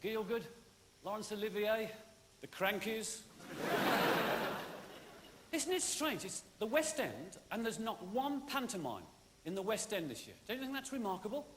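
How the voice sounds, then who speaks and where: A man's voice: high-pitched, big pitch swings, measured pace, long pauses. A man doing stand-up comedy as the host of a theatre show, chatting wryly and conversationally to the audience. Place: large theatre stage. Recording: long theatre reverb, loud noise.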